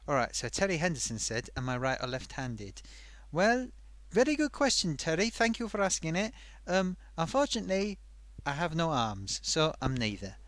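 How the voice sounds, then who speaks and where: A man's voice: fairly high pitch, big pitch swings, moderate pace, a bit bright, dry recording. A man voicing a chatty talking sock puppet who hosts a live stream. He rambles, reads out viewer comments and hums to himself while he reads.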